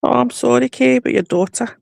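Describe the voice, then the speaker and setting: A Scottish woman with a Glasgow accent chatting casually on a livestream, rambling through quick stories and laughing often. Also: on the high side, vocal fry, darkish tone, no echo, clean studio sound. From Scotland. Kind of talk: casual chat.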